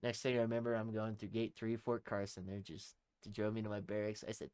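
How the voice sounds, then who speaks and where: A young man co-hosting a podcast, telling a rowdy story in casual talk, swearing heavily and shouting out the lines of people in it. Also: lowish voice, flat delivery, fairly quick, hardly any pauses, clean tone, no echo, clean studio sound. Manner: heavy swearing, acts out shouted quotes. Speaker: podcast co-host.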